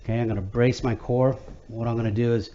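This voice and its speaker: A man's voice: mid-range voice, fairly even intonation, fast talker, warm tone, lo-fi sound, a little hiss or hum. A man leading a home workout class, talking in an easygoing, chatty way with many fillers and restarts. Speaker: fitness instructor. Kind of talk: guided workout instruction.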